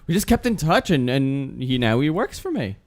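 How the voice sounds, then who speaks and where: A man's voice: mid-range voice, sing-song, moderate pace. A young adult man hosting a casual chat show, telling stories animatedly and acting out the dialogue. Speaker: host.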